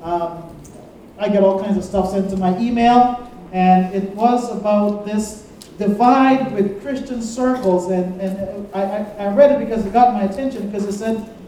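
A male pastor preaching in a church, his mellow, dark voice carrying through a strongly echoing sanctuary. He leads call-and-response lines and tells stories, heard from some distance away from the mic. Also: high-pitched, moderate pace, slight background noise. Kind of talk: sermon.

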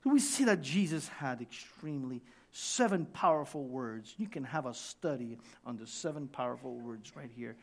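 A male pastor preaching a sermon dramatically, swinging from shouts down to hushed tones. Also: mid-range voice, expressive, moderate pace, few pauses.

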